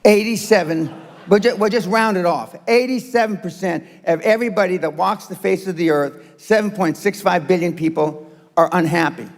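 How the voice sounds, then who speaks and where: A man's voice: high voice, moderate pace, gravelly. A man in his seventies giving a blunt, profane motivational speech to a live seminar audience. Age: 70s. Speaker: motivational speaker. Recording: long hall reverb.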